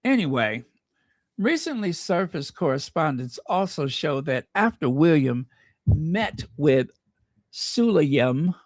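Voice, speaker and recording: Guy reading royal gossip news, snarky little asides, slow and unhurried, dead dry sound. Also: fairly high pitch, sing-song, dry recording. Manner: chatty, sarcastic asides to viewers. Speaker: royal commentary channel host. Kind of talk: casual commentary reading news aloud.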